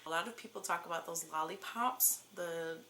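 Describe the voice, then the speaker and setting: Young woman, twenties, bright voice, lowish pitch, chatty vlog storytelling, faint background hiss. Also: moderate pace. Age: 20s. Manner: chatty, lively, many fillers. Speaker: vlogger. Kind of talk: casual storytelling.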